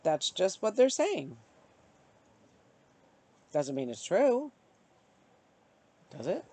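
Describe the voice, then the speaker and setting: A woman vlogging casually to camera, reflecting out loud in a halting, searching way with many pauses and fillers. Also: medium pitch, big pitch swings, dry recording. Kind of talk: casual self-reflective vlog. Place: bright outdoor spot.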